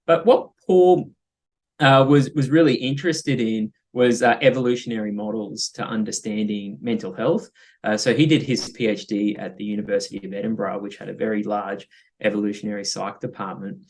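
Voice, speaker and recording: A man speaking as a guest psychologist in an interview, thoughtful and hesitant, with many fillers and light laughs. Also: fairly low pitch. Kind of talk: interview conversation.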